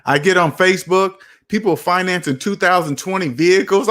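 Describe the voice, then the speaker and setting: A man's voice: high voice, fairly quick, hardly any pauses, fairly bright tone. A man hosting a personal finance livestream, talking emphatically to his chat, repeating points and asking rhetorical questions.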